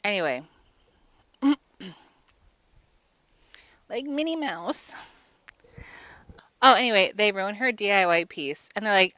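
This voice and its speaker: A woman's voice: medium pitch, expressive, unhurried, long pauses, pushed and bright, clear, resonant tone, dry recording. A woman vlogger giving a casual comic movie recap, crude and rambling with lots of fillers.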